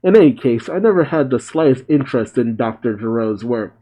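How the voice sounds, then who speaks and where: A man voicing a shrill, panicky male mad scientist, reading a comic aloud. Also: lively intonation, fairly quick, mellow, close to an everyday voice, low-quality recording. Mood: indignant.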